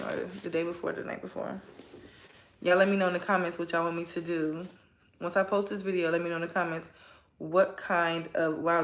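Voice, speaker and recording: Chatty low-voiced woman reading tarot. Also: vocal fry, reverberant. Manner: chatty and rambling, often tagging "right?" and "like". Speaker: tarot reader. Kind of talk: casual spoken tarot reading.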